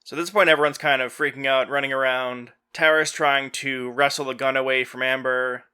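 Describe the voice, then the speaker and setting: A man talks through a movie plot in a loose, chatty way as a podcast host, filling his sentences with "you know" and "like". His voice is bright and forward. It is smooth and clear, and he acts out characters' lines without changing voice. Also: medium pitch, fairly even intonation, a little fast. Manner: retells scenes quoting characters in a loose, offhand voice; heavy use of fillers like "you know" and "like". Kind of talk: casual movie recap.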